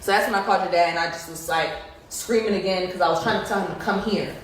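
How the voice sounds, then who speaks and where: A woman's voice: fairly low pitch, quick pace. Young woman, emotional rambling storyteller, lots of fillers, far from mic, very roomy echo, faint hiss. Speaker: girlfriend telling a story. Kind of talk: casual storytelling to viewers. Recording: distant, very echoey room, faint noise.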